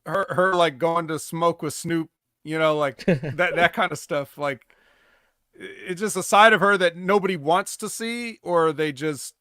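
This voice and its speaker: A man's voice: fairly high pitch, unhurried, pushed and bright, no echo, clean studio sound. A man co-hosting a wrestling podcast, telling stories in a rambling casual chat full of fillers. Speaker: podcast co-host.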